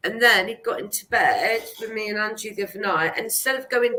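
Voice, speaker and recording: Middle-aged woman, bright tone, easy pet anecdotes. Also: medium pitch, brisk, poor audio. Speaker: guest healer. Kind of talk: casual chat.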